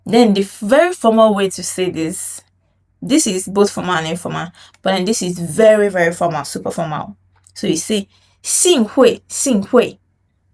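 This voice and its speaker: A woman teaching a Mandarin lesson in English, saying phrases slowly and drawing them out for learners to repeat. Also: medium pitch, animated, darkish tone. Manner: slow, drawn-out model phrases for learners to repeat; explains in English, demonstrates in Mandarin. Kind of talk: language lesson with repetition drills.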